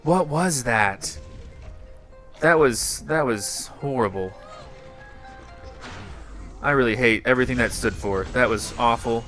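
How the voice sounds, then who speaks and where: A man hosting a reaction channel and playing a mobile game, his commentary swinging between muttered frustration and loud yelps. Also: medium pitch, slow pace, pauses often, faint music behind. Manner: dramatic swings from muttering to yelling. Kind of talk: excitable gameplay commentary.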